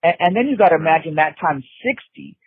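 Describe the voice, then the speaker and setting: A man's voice: fairly high pitch, expressive, fast talker, husky, no echo. A middle-aged man recounting his past in an emphatic way, repeating himself and saying "you know" a lot, heard over a phone line. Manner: emphatic, repetitive, frequent "you know" and restarts. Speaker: interview guest. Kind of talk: intense personal recollection.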